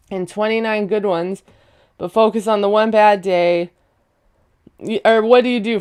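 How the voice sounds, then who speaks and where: A woman with a smooth, clear voice chatting through a casual show recap. She talks with a sarcastic, gossipy edge, and her pitch sits in a middle range. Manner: chatty, sarcastic, laughs at own jokes. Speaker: recap vlogger.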